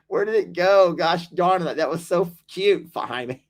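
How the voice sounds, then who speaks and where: A man's voice: high-pitched, unhurried. A man hosting a casual livestream, chatting, reading viewer comments aloud, laughing often and teasing. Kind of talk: casual live-stream chat.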